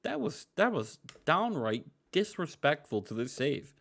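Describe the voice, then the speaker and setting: A man's voice: fairly high pitch, very animated, unhurried, creaky, fairly bright tone. A man co-hosting a wrestling podcast, joking, teasing his partner and recapping matches in casual chat. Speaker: podcast co-host.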